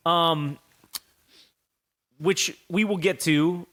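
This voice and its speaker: A young man hosting a casual podcast, telling stories in a profane, animated way. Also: fairly high pitch, extremely slow. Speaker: podcast host.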